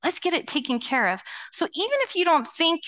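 A middle-aged woman pastor preaching a sermon to her church in a lively, conversational way, acting out quoted voices as she goes. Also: very high-pitched, a little fast. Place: church sanctuary.

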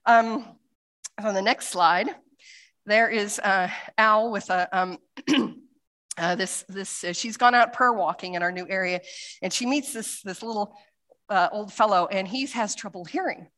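A woman missionary speaking to a church congregation in a loose, chatty way, stumbling through restarts and fillers. Her voice sits at a middle pitch, and she jumps into little acted quotes as she tells her stories. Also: unhurried. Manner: lively storytelling with acted quotes. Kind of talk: church talk with slides.

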